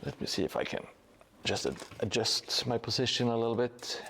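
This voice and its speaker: A man's voice: mid-range voice, lively intonation, moderate pace, fairly bright tone, a little hiss or hum. A man live-streaming his terrain painting in a casual, hesitant way, with many fillers and restarts. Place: home hobby room above a gym.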